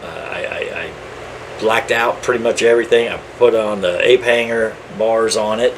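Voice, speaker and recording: A middle-aged man chatting casually as a podcast co-host, telling rambling stories and getting animated when he quotes other people. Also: on the low side, moderate pace, noisy background. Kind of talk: casual chat.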